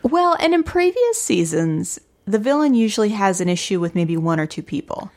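A woman co-hosting a podcast, recapping a show in casual chat, step by step and steady. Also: mid-range voice, moderate pace. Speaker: podcast co-host.

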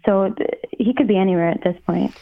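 A woman calling into a comedy show by phone, speaking slowly in a deadpan way. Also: mid-range voice. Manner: slow, deadpan and drawn out. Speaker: caller. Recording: tinny phone line.

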